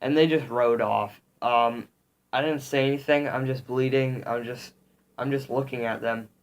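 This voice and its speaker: Rambling, halting male vlogger. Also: medium pitch, steady tone. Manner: rambling, halting, heavy on "um" and "literally"; upset, indignant retelling. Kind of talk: casual storytelling to camera.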